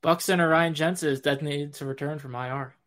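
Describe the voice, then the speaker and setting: A man in his twenties with a Philadelphia accent, reading sports headlines as co-host in a brisk, matter-of-fact way. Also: on the high side, steady tone, fairly bright tone, slight background noise. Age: 20s. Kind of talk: reading news items.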